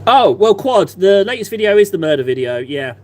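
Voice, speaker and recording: Male streamer, thirties, higher-leaning voice, loose self-mocking chatter, faint hum on the track. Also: big pitch swings, a little fast, a little mellow. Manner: rambling, chatty, self-deprecating. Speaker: live-stream painter. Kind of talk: casual live-stream chat.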